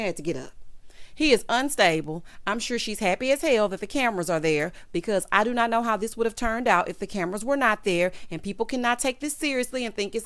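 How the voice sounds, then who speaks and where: A woman's voice: medium pitch, expressive, fast, fairly bright tone, no room sound. A woman giving a sassy, opinionated reality TV recap, acting out quotes in character. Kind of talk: casual recap commentary.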